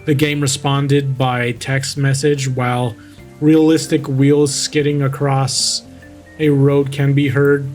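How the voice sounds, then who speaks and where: A man's voice: medium pitch, flat delivery, slow pace, a little mellow, faint music behind. A man reading a creepypasta aloud and breaking off to mock it with sarcastic commentary, close to the mic. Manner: sarcastic, interrupts the story to make fun of it.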